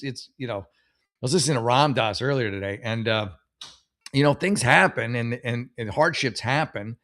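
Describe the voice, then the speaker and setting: A man hosting a show, giving blunt, sarcastic advice in rambling casual commentary on posts he reads out. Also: mid-range voice. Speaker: host giving mock advice.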